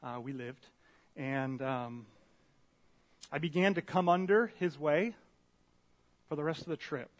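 A man preaching a sermon in a church room, telling a story in an animated, self-deprecating way. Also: a little high, unhurried, pauses often. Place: church meeting room with a slide screen.

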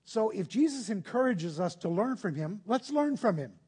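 A man's voice: sits high, very animated, moderate pace, darkish tone, breathy edge. A man preaching a conversational sermon, explaining patiently and putting rhetorical questions to his listeners.

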